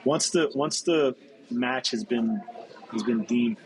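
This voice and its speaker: A man's voice: mid-range voice, takes it slowly, a crowd in the background, low-quality recording. A man, a podcast guest, explaining competition rules in a matter-of-fact way.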